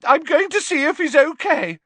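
Pansy, a man doing a shrill tearful girl. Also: big pitch swings, moderate pace, bright, forceful tone, no room sound, exaggerated voice. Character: tearful haughty teenage girl.

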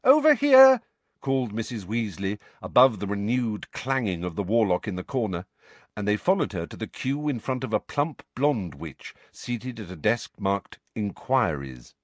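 A man reads a storybook aloud in a measured, expressive manner. His pitch moves around a lot as he tells it. The recording is dry and close, with no room sound. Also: no room sound. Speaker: audiobook reader. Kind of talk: storybook narration.

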